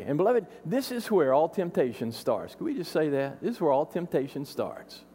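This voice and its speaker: A man's voice: fairly high pitch, very animated, moderate pace, hardly any pauses, a little mellow, breathy edge, long reverb tail. A man preaching an expository sermon as a pastor, emphatic and building up through repeated phrases.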